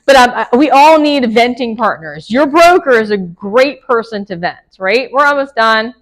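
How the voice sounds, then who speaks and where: A woman's voice: fairly high pitch, expressive, moderate pace, poor audio. A woman, a real estate broker giving a casual classroom lecture to agents, chatty, laughing often and asking the room questions.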